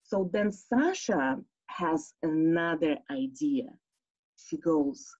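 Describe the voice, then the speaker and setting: Woman, personal storytelling, animated, acts out quotes, husky, slow, slightly muffled recording. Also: deep voice. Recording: slightly dull lo-fi audio.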